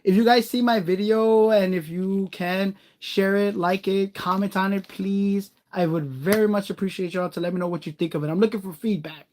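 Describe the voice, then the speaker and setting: A man chatting casually on a live stream, rambling and greeting viewers by name, warm-hearted and encouraging. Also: sits high, steady tone, normal speed, few pauses.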